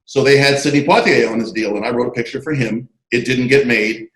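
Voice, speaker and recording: A man being interviewed about his screenwriting career, telling animated, digressive stories full of asides over a video call. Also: mid-range voice, fairly quick, echoey room, low-quality recording. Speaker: interview guest, screenwriter and comic artist. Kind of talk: casual anecdotal storytelling.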